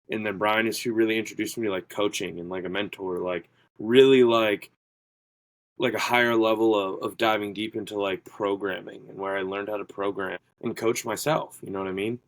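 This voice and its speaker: Low-voiced man telling gym stories. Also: steady tone, moderate pace, no echo, rough recording. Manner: rambling, filler-heavy, quotes people in his stories. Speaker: podcast guest, strongman athlete. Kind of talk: casual interview storytelling.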